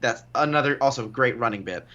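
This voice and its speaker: A man co-hosting a comedy podcast, talking in casual chat, animated and laughing as he acts out lines from scenes. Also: mid-range voice, fairly quick, highs cut off. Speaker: podcast co-host; actor.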